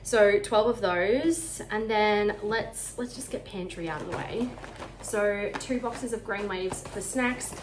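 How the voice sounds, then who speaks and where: A chatty Australian woman in her thirties talks to camera in a quick, slightly breathless rush. Her voice sits at an ordinary middle pitch. It bounces around an echoey room at home over a faint background hiss. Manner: fast-talking, chatty, sounds out of breath. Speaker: vlogger. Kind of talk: casual chat.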